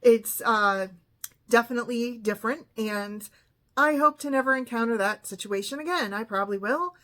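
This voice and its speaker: A woman's voice: on the high side, normal speed, a bit bright. Chatty, exasperated woman in her fifties. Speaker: vlogger. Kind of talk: casual storytelling monologue.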